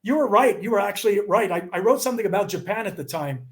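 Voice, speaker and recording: A man's voice: high voice, fast. A middle-aged man from the USA, telling anecdotes as an interview guest and acting out the dialogue. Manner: animated, acts out dialogue in his anecdotes. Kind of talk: storytelling in conversation.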